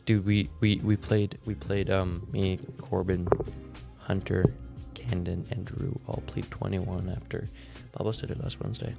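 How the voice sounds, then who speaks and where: A young man co-hosting a podcast, rambling and joking through animated stories in casual chat. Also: deep voice, measured pace, vocal fry, over music. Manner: rambling, jokey, animated storytelling. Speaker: podcast co-host.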